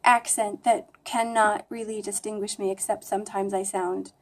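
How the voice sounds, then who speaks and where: A young woman with a flat American accent, chatting casually to camera in a rambling, self-deprecating way. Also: mid-range voice, normal speed. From United States. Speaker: language vlogger. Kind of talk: casual talking-to-camera vlog.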